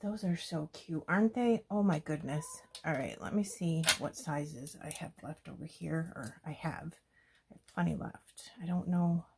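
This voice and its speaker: A woman hosting a scrapbooking video, chatting and thinking aloud as she works, often dropping to a soft murmur. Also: low voice, vocal fry, slight background noise. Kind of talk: casual crafting talk-through.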